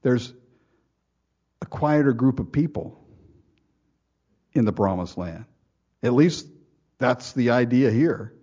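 A man's voice: medium pitch, animated, slow, long pauses, warm tone, breathy edge, dull audio. A man preaching a sermon in a folksy way, asking rhetorical questions and acting out quotes. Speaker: pastor.

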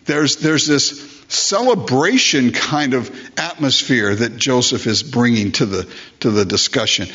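Older male pastor, sermon delivery, rhetorical questions, mid pitch, slightly husky; muffled recording. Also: animated, unhurried, fairly bright tone. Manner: emphatic, repeats phrases, asks rhetorical questions.

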